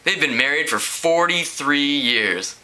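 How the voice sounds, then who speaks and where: A man's voice: a little high, lively intonation, a little slow, pushed and bright, pitched above the performer's own voice, exaggerated voice, poor audio. A man reading out a heartbroken teenage girl who complains melodramatically. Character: dramatic heartbroken teen girl.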